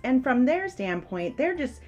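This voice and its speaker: A woman's voice: high-pitched, big pitch swings, a little slow, darkish tone, faint music behind. A woman co-hosting a podcast in casual chat, earnest, talking in stops and restarts. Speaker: podcast co-host.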